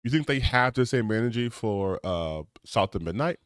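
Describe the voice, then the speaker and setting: A man's voice: mid-range voice, lively intonation, normal speed, no room sound, studio quality. A man ranting on a gaming stream, reading out comments and reacting with heated, sarcastic, profane commentary. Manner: heated, sarcastic, swears often.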